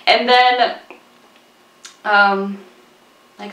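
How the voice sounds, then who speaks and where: A woman co-hosting a film review chat, sarcastic and animated, mocking the characters with quoted voices. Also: mid-range voice, normal speed. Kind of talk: casual chat. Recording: echoey room, voice a bit far from mic.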